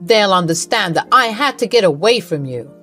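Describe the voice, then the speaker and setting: A woman's voice: medium pitch, animated, moderate pace, fairly bright tone, faint music behind, lightly acted. A woman voicing an adult husband who is stern and fed up, in a storybook narration.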